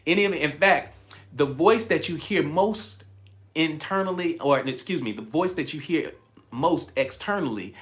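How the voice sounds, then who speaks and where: Guy coach on a livestream, hyped and repetitive, thanking folks in the chat nonstop. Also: a little high. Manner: energetic, repetitive, chatty with viewers. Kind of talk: live-streamed coaching talk.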